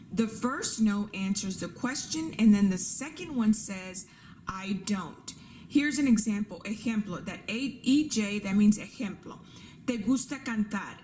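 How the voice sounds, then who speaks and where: A woman's voice: medium pitch, mellow, a little hiss or hum. Patient woman teaching a language lesson. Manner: patient, repeats rules and examples, checks in with "right?". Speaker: Spanish teacher. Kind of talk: classroom lesson with slides.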